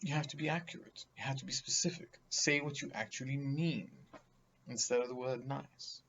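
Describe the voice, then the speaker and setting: A man's voice: mid-range voice, fairly even intonation, normal speed, a bit bright, highs cut off, a little hiss or hum. A man giving a vocabulary lesson, speaking emphatically and theatrically, mocking vague words with acted examples. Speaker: teacher.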